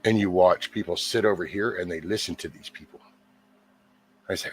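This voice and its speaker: A man hosting his own channel, talking in a casual, profane, exasperated ramble and mimicking other people in quick asides. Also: fairly low pitch, husky. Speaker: YouTube channel host.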